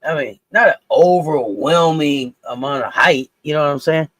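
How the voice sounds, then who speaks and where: A man's voice: on the high side, normal speed, fairly bright tone, dry recording. A man hosting a basketball talk show in loose, joking banter full of slang. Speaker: podcast host. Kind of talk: casual sports talk.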